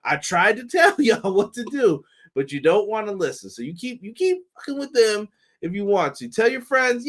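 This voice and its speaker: Very animated and a bit bright, this wrestling podcast host's male voice sits high and moves at a moderate pace. His casual review show is full of laughs, curses, and mock voices.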